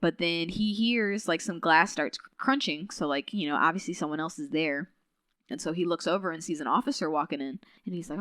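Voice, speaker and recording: Smooth-voiced woman recapping a story. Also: a little fast, no echo. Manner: chatty, filler-heavy retelling with lots of "like"; animated, quotes characters with shifting pitch. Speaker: podcast host. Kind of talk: casual book recap.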